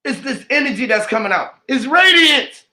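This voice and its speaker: A man talking to camera in a rambling, emotional monologue, swearing often and swinging between loud outbursts and low mutters. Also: expressive, moderate pace. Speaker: vlogger.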